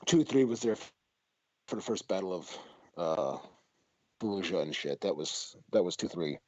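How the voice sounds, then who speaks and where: A man's voice: low voice, animated, normal speed, darkish tone, dry recording. A man hosting a podcast in casual chat, talking bluntly with plenty of swearing and rambling asides. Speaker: podcast host. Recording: dull lo-fi audio.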